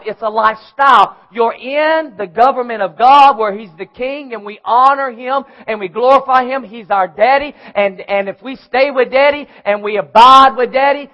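A man's voice: extremely high pitch, normal speed, few pauses, dull audio. A man preaching a sermon in church, emphatic, calling out to the congregation for answers. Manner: emphatic preaching with call-and-response.

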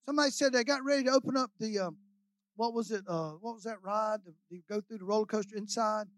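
A man, preaching as a guest pastor in a folksy, joking way, repeating phrases and swinging between quiet asides and loud shouts. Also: sits high, fast, no echo. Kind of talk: sermon.

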